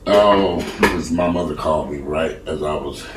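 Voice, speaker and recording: A man's voice: a bass voice, moderate pace, noisy background. A man in his fifties ranting profanely and animatedly in a casual home vlog, filming himself on a camera in his kitchen. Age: 50s. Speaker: vlogger.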